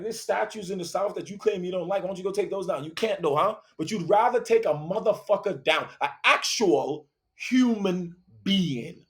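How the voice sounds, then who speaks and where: A man's voice: sits high, fairly bright tone. A man delivering a profane, confrontational motivational monologue, preaching and repeating phrases for emphasis. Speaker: host.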